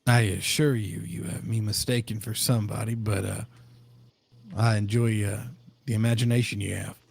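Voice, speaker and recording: A man roleplaying a frontier marshal, dry and needling in a deadpan way. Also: on the low side, moderate pace, creaky, breathy edge. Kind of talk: in-character roleplay chat.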